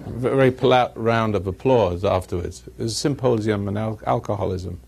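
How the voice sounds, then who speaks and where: A man's voice: fairly low pitch, moderate pace, creaky, darkish tone, slightly rough. A man giving a rambling talk to a live audience, chuckling at his own jokes as he tells stories. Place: evening gathering with an audience.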